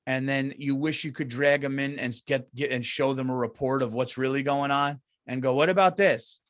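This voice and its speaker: A man's voice: mid-range voice, flat delivery, normal speed, a bit bright. A middle-aged man, hosting a comedy podcast in a heated, profane, repetitive rant. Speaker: podcast host.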